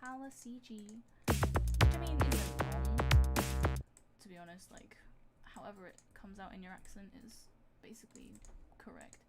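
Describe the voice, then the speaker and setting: With loud electronic beats and synths playing behind her, a woman streams her music production live, chatting casually and thinking aloud in a self-deprecating way. Her mid-range voice is animated, moderately paced, and full of frequent pauses.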